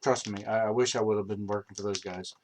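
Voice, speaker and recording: A man's voice: fairly low pitch, fairly even intonation, quick pace, slight background noise. A young man telling a rambling personal story, with many fillers, restarts and swearing. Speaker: improv storyteller. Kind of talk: casual rambling anecdote.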